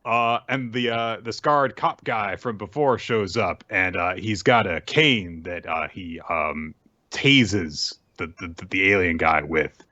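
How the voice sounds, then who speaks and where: A man's voice: sits low, takes it slowly, sharp tone, dry recording. A man co-hosting a podcast, recapping a manga chapter casually with many fillers and restarts. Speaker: podcast co-host. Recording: dull dry lo-fi recording.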